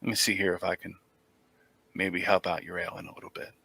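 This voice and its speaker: A man voicing a gentle, motherly female healer in a tabletop game, speaking in a quiet, cooing, soothing way. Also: low voice, level tone, moderate pace.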